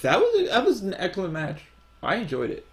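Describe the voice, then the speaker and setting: A man's voice: sits high, wildly swooping pitch, fast, creaky. Male podcast co-host, laid-back and teasing. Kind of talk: casual chat.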